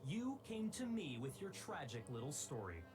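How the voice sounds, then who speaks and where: A man's voice: fairly high pitch, wildly swooping pitch, normal speed, background noise. A man voicing an arrogant, cold young man in a game, speaking with cutting condescension. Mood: scornful. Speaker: voice actor.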